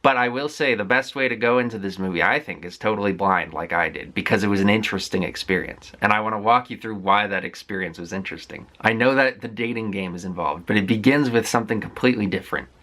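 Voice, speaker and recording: Rambling, bright-voiced man recapping a film. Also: fairly low pitch, quick pace, few pauses. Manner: rambling, with frequent fillers and restarts; candid and conversational. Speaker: movie vlogger. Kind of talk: casual spoken film recap.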